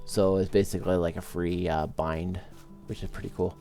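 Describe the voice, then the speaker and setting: A man casually commenting on his own game play as a let's-play host, relaxed and rambling. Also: sits low, normal speed, soft background music. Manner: relaxed, rambling, with many fillers. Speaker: gaming video host.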